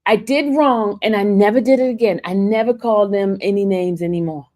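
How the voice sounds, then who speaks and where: A woman's voice: mid-range voice, a little fast, warm tone. A woman talking defensively to her livestream viewers, laughing often and addressing them as y'all. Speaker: livestream host. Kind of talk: casual livestream chat.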